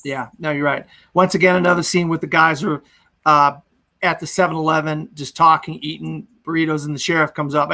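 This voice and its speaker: A man's voice: a little high, fairly even intonation, moderate pace, vocal fry, pushed and bright. A man hosting a casual movie discussion podcast, loosely recapping scenes in a chatty way. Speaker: podcast host.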